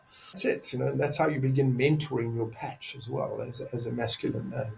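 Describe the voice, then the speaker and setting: Emphatic older man with a gravelly voice. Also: mid-range voice, fairly even intonation, moderate pace, darkish tone, slight background noise, low-quality recording. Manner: earnest, emphatic, repeats words for stress. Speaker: podcast guest, men's advocate. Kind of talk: candid conversational interview.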